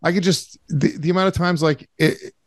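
Excitable man in profane banter. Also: a little high, normal speed, no room sound. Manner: excitable, profane, laughing teasing. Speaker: comedy podcast co-host. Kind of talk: casual chat.

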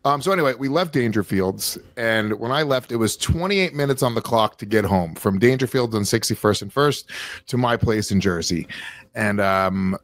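A man co-hosting a casual comedy chat, telling profane, animated stories. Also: lowish voice, moderate pace, no echo. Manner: storytelling, profane, animated asides.

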